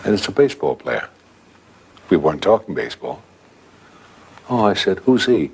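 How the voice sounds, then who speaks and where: Deep husky older New man. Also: very animated, moderate pace. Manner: conversational, acts out voices in his telling. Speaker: storyteller. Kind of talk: telling a personal ghost story.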